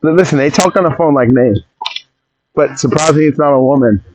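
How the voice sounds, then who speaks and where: A man hosting a podcast in a casual rambling monologue, opinionated and quick to jump off on tangents and interrupt himself. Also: fairly high pitch, highs cut off, background noise. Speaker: podcast host.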